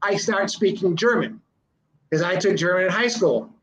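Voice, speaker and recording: A man's voice: high voice, lively intonation, moderate pace, roomy sound, a crowd in the background, rough recording. A man talking casually as a guest, rambling through anecdotes and repeating words as he goes. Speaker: interview guest, filmmaker and teacher. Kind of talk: casual conversation.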